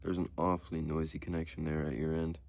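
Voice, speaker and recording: A man's voice: very deep voice, level tone, darkish tone, no echo. Bemused, courteous police sergeant, put on by a male reader; storybook reading. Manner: polite, bemused, deliberate.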